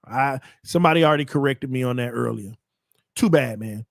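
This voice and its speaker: Brisk and creaky, a young man runs a live watch party, giving game commentary and slangy banter with his viewers. He swings excitably between hype and low mutters, in clean studio sound with no echo.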